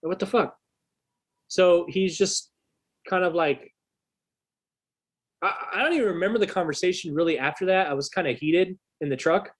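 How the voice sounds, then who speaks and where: A man with a fairly high voice recounts a story as a podcast guest. He talks loosely and swears freely, with frequent fillers and an animated storytelling manner. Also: moderate pace, long pauses. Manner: loose, profane, animated retelling with many fillers. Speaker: podcast guest, bass player. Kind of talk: casual storytelling chat.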